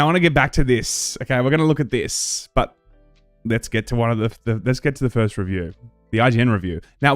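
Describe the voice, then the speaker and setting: A man's voice: mid-range voice, no echo. Chatty man hosting a live stream. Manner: chatty, full of fillers and restarts. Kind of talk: casual live stream chat.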